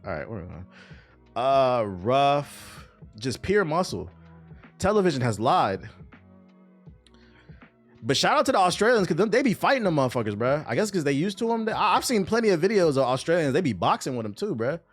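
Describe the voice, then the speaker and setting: A man's voice: fairly high pitch, fairly quick, soft background music. A young man hosting a livestream in casual chat, joking, swearing and reading chat messages aloud. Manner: animated, joking, profane, reads chat aloud. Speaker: livestream host.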